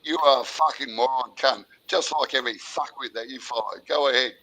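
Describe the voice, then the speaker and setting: A man on a livestream call, shouting and swearing in an aggressive, heated rant. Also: mid-range voice, fairly quick, low-quality recording. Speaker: caller in a livestream debate.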